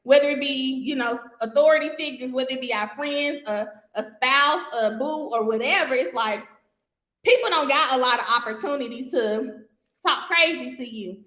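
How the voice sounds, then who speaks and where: A woman hosting a podcast and teaching from the Bible in a casual, animated way, talking straight to her listeners with colloquial asides. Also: high-pitched, moderate pace, roomy sound.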